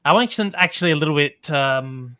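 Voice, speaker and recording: Australian man from Melbourne, podcast guest, bright and tense tone, dry close sound, energetic chat. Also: fairly high pitch, brisk, smooth, no echo. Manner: energetic, chatty, frequent fillers. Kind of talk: casual chat.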